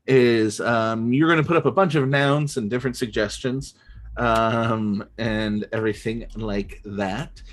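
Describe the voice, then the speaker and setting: A male improv show host explains the game rules in a casual, rambling way, full of ums and self-mocking jokes. His medium-pitched voice is steady and a little slow.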